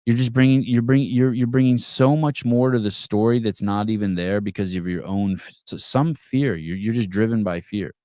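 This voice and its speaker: A man's voice: on the low side, moderate pace, hardly any pauses, warm tone, no echo, studio quality. A man hosting a live call-in podcast, talking bluntly and with a lot of swearing, restarting his words often and reading viewer comments aloud. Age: adult with children. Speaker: podcast host.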